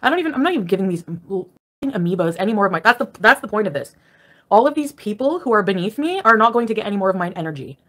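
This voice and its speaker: A woman's voice: mid-range voice, big pitch swings, very fast, fairly bright tone. A woman ranting sarcastically and profanely during a casual livestream from her bed at home. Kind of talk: angry casual livestream rant.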